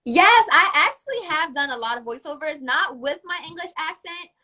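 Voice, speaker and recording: A woman's voice: high voice, animated, moderate pace, sharp tone. A young woman guest in a casual interview, upbeat and saying "like" often as she talks. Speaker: guest YouTuber.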